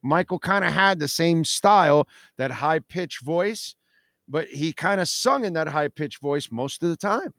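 A man's voice: on the high side, expressive, a little slow, a bit bright, no room sound, studio quality. Emphatic man hosting a radio talk show. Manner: emphatic, repeats "no, no, no", reacts to chat. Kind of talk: casual opinionated radio talk. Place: radio studio.

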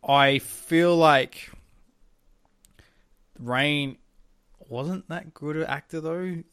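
A man's voice: a little high, extremely slow, a bit bright, clear, resonant tone, no room sound, studio quality. Rambling man, lots of ums. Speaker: podcast co-host. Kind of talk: casual chat.

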